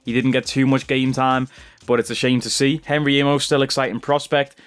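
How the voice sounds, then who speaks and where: A man's voice: medium pitch, level tone, brisk, clean tone. Chatty young man saying bro. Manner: chatty, says "bro" a lot. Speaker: gaming YouTuber. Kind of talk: casual gameplay commentary.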